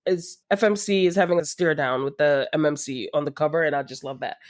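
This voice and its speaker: A woman co-hosting a podcast, animatedly pitching a book recommendation in casual chat. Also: fairly quick. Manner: animated, laughing, self-deprecating. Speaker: podcast co-host.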